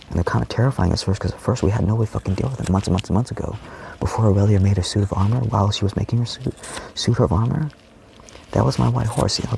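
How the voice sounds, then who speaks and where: A man's voice: on the low side, vocal fry, a little mellow, slight background noise. A young man talking in a rambling personal monologue, swearing constantly and often dropping his voice to a whisper. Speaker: vlogger.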